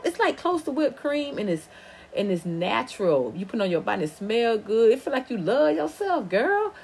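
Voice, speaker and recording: A woman's voice: fairly high pitch, slightly rough. A woman from the American South with an Atlanta drawl, hosting a casual livestream podcast in a profane, rambling way. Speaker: podcast host.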